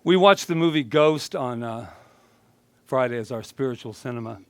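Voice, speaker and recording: A man's voice: mid-range voice, animated, normal speed, no room sound. A male minister giving a casual, joking sermon and chatting with his congregation. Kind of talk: conversational sermon.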